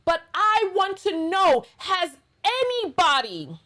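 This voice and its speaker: A woman's voice: high-pitched, expressive, normal speed, hardly any pauses, a bit bright. A middle-aged woman with a New York accent hosting a blunt, sassy reaction commentary monologue. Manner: sassy, blunt, emphatic ranting. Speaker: commentary channel host.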